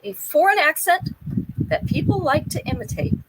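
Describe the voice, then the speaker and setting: A woman's voice: high-pitched, big pitch swings, moderate pace, poor audio. A woman hosting a live jewelry sale, chatting casually, describing pieces in detail and running a trivia game with viewers.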